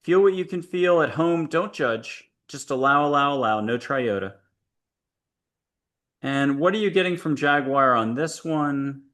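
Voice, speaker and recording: A man hosting a spiritual interview show, calmly and gently guiding his guest through an exercise. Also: on the high side, measured pace. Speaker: podcast host.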